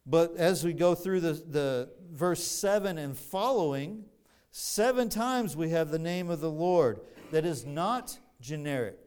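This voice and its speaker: A man preaching a sermon, explaining scripture in a measured way with frequent restarts. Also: a little high, darkish tone, clear, resonant tone.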